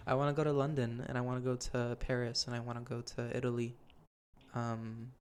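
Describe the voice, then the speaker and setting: A man's voice: mid-range voice, level tone, normal speed, pauses often, a little hiss or hum. A young man hosting a podcast, chatting casually and rambling with lots of fillers. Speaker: podcast host. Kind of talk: casual chat.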